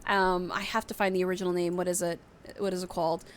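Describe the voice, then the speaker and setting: A woman's voice: on the low side, flat delivery, fast. A young woman streamer chatting casually on a live stream, rambling with lots of fillers. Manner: rambling, full of fillers and restarts. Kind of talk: casual livestream chat.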